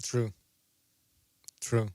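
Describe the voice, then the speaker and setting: A man's voice: extremely slow, dark tone, no echo. A man on a casual podcast panel, speaking hesitantly with frequent fillers.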